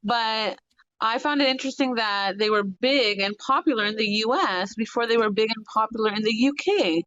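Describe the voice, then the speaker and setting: A woman's voice: a little high, moderate pace, a bit bright, muffled recording. A woman co-hosting a podcast in casual chat, mostly chiming in with short replies. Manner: brief agreeing replies. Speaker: podcast co-host.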